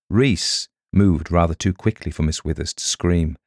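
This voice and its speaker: A man narrating a mystery novel in a steady, measured reading. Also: low-pitched, no echo, studio quality. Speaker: audiobook narrator. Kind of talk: scripted narration.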